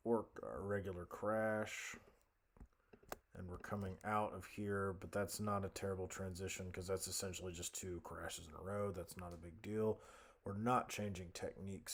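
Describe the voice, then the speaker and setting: A young man narrating a casual music-writing tutorial, thinking aloud at his computer with many fillers and self-corrections. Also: low voice. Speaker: music composition instructor.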